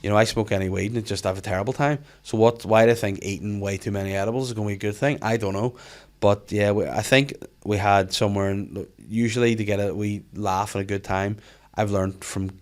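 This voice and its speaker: A man with a lowish voice hosts a casual podcast. He tells his stories with animated energy, peppering them with swearing. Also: a little fast, few pauses. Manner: animated storytelling, frequent swearing. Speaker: podcast host.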